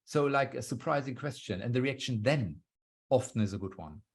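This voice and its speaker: Speaking over a video call, a male guest speaker whose first language is German gives a talk on storytelling, explaining step by step and acting out quoted lines. His medium-pitched voice is husky and expressive, and he talks fairly quickly.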